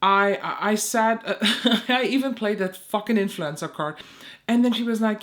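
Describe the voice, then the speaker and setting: A woman's voice: medium pitch, animated, normal speed. A young woman, a beauty content creator, telling an exasperated story in a casual vlog, swearing often and acting out both sides of phone calls.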